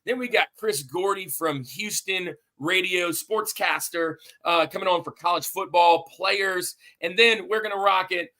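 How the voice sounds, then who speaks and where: A man's voice: sits high, a little slow, few pauses, sharp tone. A man hosting a sports podcast in an upbeat, hype-building, somewhat rambling way. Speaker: podcast host.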